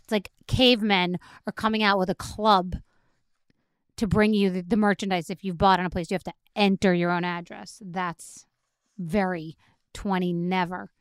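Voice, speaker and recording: A woman's voice: on the low side, fairly even intonation, normal speed, smooth. A middle-aged woman hosting a podcast, ranting sarcastically and exasperatedly, with plenty of swearing. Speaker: podcast host. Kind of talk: solo comedic rant.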